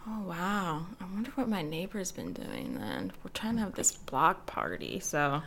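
A woman hosting a podcast in casual chat, reacting with quick, short responses. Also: lowish voice, big pitch swings, a bit bright, a little hiss or hum. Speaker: podcast host.

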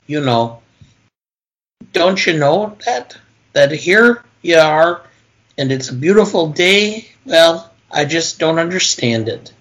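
A man reading out the lines of a homespun Midwestern woman police chief, gently scolding and plainspoken. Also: fairly high pitch, poor audio.

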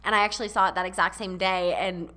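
A woman's voice: lowish voice, fairly even intonation, quick pace, pushed and bright. A young adult woman co-hosting a podcast, telling stories in casual chat with quoted asides. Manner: chatty, storytelling with quoted asides. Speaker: podcast co-host.

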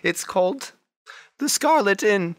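A game master voicing a chirpy, eager shopkeeper lady with a high, sing-song voice. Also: expressive, takes it slowly, no echo.

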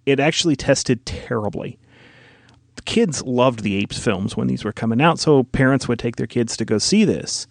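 A man's voice: medium pitch, moderate pace, creaky, dry recording, clean studio sound. A man co-hosting a podcast, explaining film trivia at length in casual conversation. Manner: informative, explains details at length. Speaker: podcast co-host.

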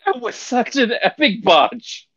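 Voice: medium pitch, very animated, unhurried, a bit bright, highs cut off. Giggly player with a swooping voice. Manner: giggly, swears freely. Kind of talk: tabletop game banter.

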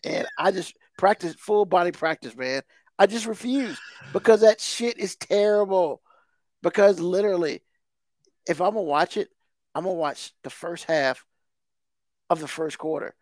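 A high-voiced man rants on a podcast, heated and profane, circling back to the same gripe again and again. The sound is close and dry, with no room around it. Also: moderate pace, darkish tone, dry recording. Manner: heated, swears constantly, emphatic repetition. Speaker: podcast co-host. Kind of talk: casual profane rant.

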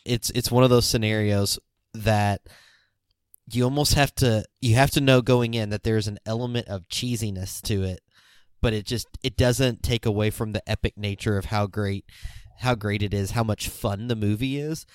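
A man hosting a podcast who talks through a movie in a casual, measured way, often checking in with "you know" and "right?". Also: fairly low pitch, fairly even intonation, clean tone, no echo, clean studio sound. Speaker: podcast host. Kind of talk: casual movie review chat.

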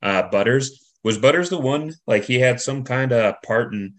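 A man co-hosting a hockey podcast, asking relaxed questions full of fillers. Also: mid-range voice, moderate pace. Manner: relaxed, easy laughter, filler-heavy questions. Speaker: podcast co-host. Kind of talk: casual interview chat.

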